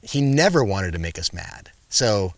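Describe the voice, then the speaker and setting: A middle-aged man in casual interview chat, an animated storyteller who acts out the commands he once gave his bear. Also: lowish voice, measured pace, dry recording. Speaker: guest, wildlife filmmaker.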